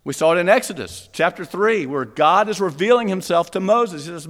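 Earnest preacher man, higher voice, reverberant church. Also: expressive, a little fast, few pauses, a bit bright. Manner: earnest, rhetorical questions, repeats for emphasis. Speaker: pastor. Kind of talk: sermon.

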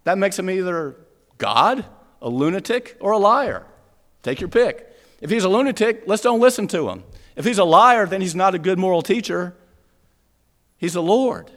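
A man's voice: high voice, animated, moderate pace, fairly bright tone. A man preaching a sermon as pastor, earnest, asking rhetorical questions and repeating lines for emphasis. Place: church. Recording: long church reverb.

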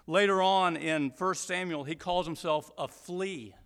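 Male Bible teacher from Georgia, slightly high, bright tone, unhurried delivery, long hall reverb. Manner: explanatory, deliberate, emphatic repetition.

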